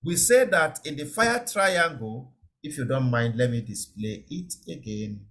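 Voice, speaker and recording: A man's voice: mid-range voice, expressive, measured pace, fairly bright tone. A man giving an online safety lecture, explaining step by step, repeating key words and checking that listeners understand. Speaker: safety trainer.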